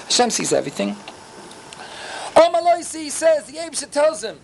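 A man teaching a Torah class, telling stories with animated swings in pitch and many rhetorical questions. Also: moderate pace, creaky, pauses often, a little hiss or hum.

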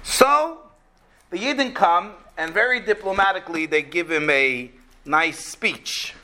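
A man with a very high, bright voice teaching a Torah class. He explains the verse with energy and acts out the speakers in it. His tone is lively and expressive. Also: a little slow. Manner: animated, acts out quotes.

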